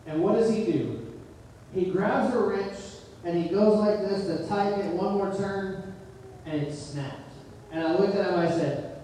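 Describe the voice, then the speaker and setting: A man's voice: high-pitched, normal speed, warm tone, a little hiss or hum. A middle-aged man preaching a sermon, telling a personal story in a conversational way and pressing his main points harder as he goes. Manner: conversational storytelling, rising emphasis on key points. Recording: echoey hall, distant mic.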